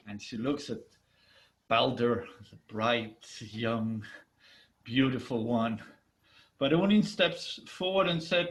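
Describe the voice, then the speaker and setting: A man telling a myth in an animated, dramatic way, with halting restarts, over a video call. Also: mid-range voice, low-quality recording. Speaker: storyteller. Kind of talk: myth storytelling.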